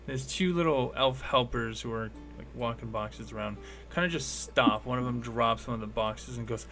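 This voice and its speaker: Gravelly man narrating as game master. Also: mid-range voice, normal speed, few pauses, pushed and bright, soft background music. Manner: loose, rambling narration full of fillers.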